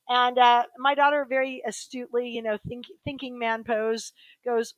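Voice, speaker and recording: A middle-aged woman recounts a story with lively energy, acting out the people in it. Her voice sits a little high and the recording is dry and close. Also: moderate pace, dry recording, rough recording. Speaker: guest, human rights attorney. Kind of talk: storytelling in a casual interview.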